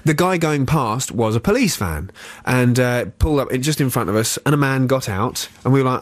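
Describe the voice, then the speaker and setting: A man co-hosting a radio show, chatting casually, telling rambling jokey anecdotes and slipping into quick voices. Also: mid-range voice, expressive, no room sound. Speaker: radio co-host. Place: radio studio. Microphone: studio mic.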